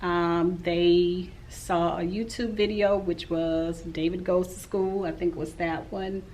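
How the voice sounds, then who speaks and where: Lower-pitched woman rambling about her school day. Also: level tone, slow, darkish tone, slight background noise, rough recording. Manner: rambling and talkative. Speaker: teacher. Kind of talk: casual vlog recap.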